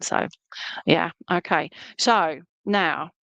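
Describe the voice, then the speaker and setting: A woman's voice: lowish voice, moderate pace, dry recording. A woman working as a spiritualist medium, giving an online reading at home in a chatty, affectionate way with lots of fillers.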